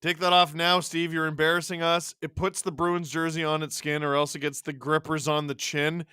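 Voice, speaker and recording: A streamer and show host runs a live watch-along, calling the game, yelping and shouting excitably at big plays, and trading jokes with his chat. His voice is on the high side at a moderate pace, clean in tone, with no echo and clean studio sound.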